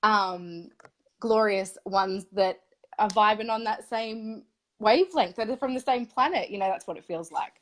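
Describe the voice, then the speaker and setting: A woman hosts a relaxed conversational interview, speaking in an effusive, animated way. She laughs easily mid-sentence, and her voice sits in a middling pitch. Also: unhurried. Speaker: interviewer and series host.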